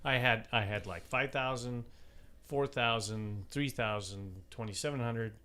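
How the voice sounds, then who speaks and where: A man's voice: mid-range voice, measured pace, pushed and bright, smooth. A man on a live podcast, chatting in a matter-of-fact way about fixing up his new home. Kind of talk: casual chat.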